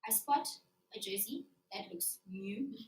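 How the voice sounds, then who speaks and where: A woman's voice: medium pitch, measured pace, slight background noise. A young woman from South Africa tells a personal story on stage, acting out her younger self and her teacher. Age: young adult. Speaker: student storyteller. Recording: echoey hall from far off.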